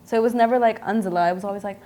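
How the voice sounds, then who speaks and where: A woman's voice: mid-range voice, rapid-fire, warm tone. A young woman from Pakistan with an American accent, a guest on a talk show, candid and emphatic, saying "like" a lot. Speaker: actress, guest. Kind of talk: casual interview chat.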